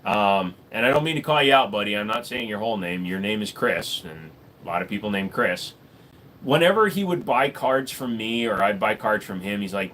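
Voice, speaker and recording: A man's voice: on the low side, animated, moderate pace, a bit bright, a little hiss or hum. A man casually chatting with his stream viewers, crude and rambling, cracking jokes. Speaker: streamer answering chat. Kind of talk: casual live stream chat. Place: home room with gun wall.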